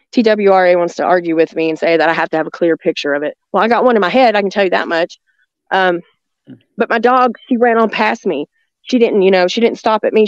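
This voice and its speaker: A woman's voice: medium pitch, no echo. A woman telling a story in a casual, chatty way, full of likes and ums. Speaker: guest. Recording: dull dry audio.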